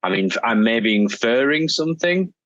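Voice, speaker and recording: A man's voice: medium pitch, expressive, normal speed, fairly bright tone, no echo, muffled recording. A man co-hosting a casual coaching discussion. He thinks aloud reflectively and often checks for agreement with tag questions. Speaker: agile coach, podcast co-host.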